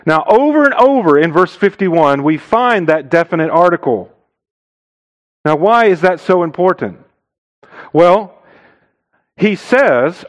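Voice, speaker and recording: A man preaching with a lively, rising and falling voice that leans hard on key phrases, then drops low and quiet. His voice sits a little high for a man, and he keeps putting searching questions to the congregation. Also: poor audio. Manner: emphatic, swinging between loud stressed phrases and low quiet asides. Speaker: missionary preacher. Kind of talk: sermon.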